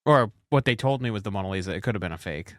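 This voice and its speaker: A man's voice: on the low side, lively intonation, very fast, no echo. A man co-hosting a podcast, dropping dry, teasing one-liners in casual chat. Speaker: podcast co-host.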